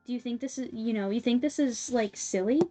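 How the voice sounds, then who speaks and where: A woman's voice: fairly high pitch, warm tone, natural voice. A woman voicing an irate female customer who fires off indignant questions. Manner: indignant, rapid rhetorical questions. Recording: slightly dull sound, faint music behind.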